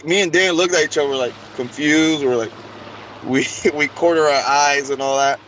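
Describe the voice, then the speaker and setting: Guest, male, retelling his story, lively and casual, slightly dull remote sound with faint hiss. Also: on the high side, normal speed. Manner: animated, acts out quoted dialogue. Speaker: interview guest.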